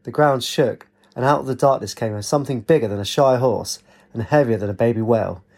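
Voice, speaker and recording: Husky male storybook narrator. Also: mid-range voice, a little fast, darkish tone.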